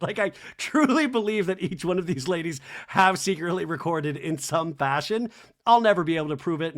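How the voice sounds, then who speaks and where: Animated man with a stuffy nose. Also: a little high. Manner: animated, sarcastic, swears freely. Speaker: podcast host. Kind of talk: comedic reality-TV recap.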